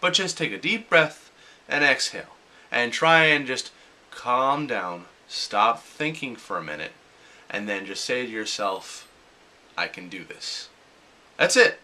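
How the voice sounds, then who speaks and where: A man's voice: medium pitch, animated, unhurried, sharp tone. A young adult man talking casually in a motivational vlog, often acting out his own inner voice. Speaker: vlogger.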